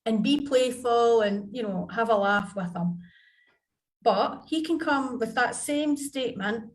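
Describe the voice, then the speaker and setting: A woman's expressive, highish voice moves at normal speed as she recounts parenting stories on a video call. As a podcast guest and parenting coach in a conversational interview, she's chatty and anecdotal, acting out family conversations.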